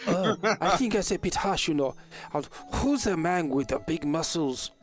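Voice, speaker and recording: A man's voice: sits high, animated, slow pace, faint music behind, full character voice. A man voicing a flustered, stammering elf woman with an odd, old-fashioned accent. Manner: stammering, flustered, many fillers.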